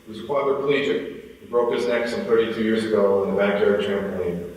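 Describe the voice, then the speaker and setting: A man in his forties telling a story as a motivational speaker, animated and acting out dialogue. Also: fairly low pitch, a little fast. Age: 40s. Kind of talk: storytelling keynote talk. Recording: echoey hall from far off.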